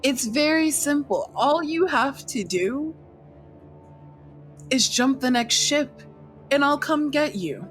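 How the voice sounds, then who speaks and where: A woman's voice: sits high, expressive, slow, pauses often, soft background music, voice pushed up. A woman voicing a female recruiter who coaxes and reassures someone over a comm link. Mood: coaxing. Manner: coaxing, sweetly reassuring. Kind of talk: tabletop role-play voicing.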